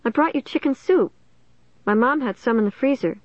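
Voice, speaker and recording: A woman's voice: sits high, normal speed, no room sound, muffled recording, pitched above the performer's own voice. A woman voicing a hurt, accusing teenage girl who speaks shrilly and bitterly.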